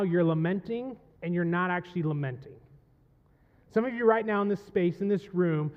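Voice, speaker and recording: Man, pastor, high voice, passionate sermon, long church-hall reverb. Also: dull audio. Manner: impassioned, rising to loud pleading when voicing the psalm. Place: church sanctuary.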